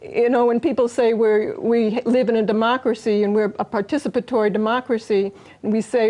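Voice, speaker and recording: A woman's voice: fairly high pitch, fairly even intonation, normal speed, hardly any pauses, a little mellow. A woman, a guest in an interview, giving earnest answers and sometimes restarting her phrases.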